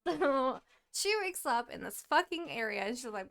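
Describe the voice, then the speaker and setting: A young woman chatting on a podcast, retelling a story with plenty of swearing and quick acted-out quotes. Her voice sits a little high, with a gravelly fry running through it. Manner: animated and profane, acts out quoted characters. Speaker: podcast co-host. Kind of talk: casual chat, retelling a book plot.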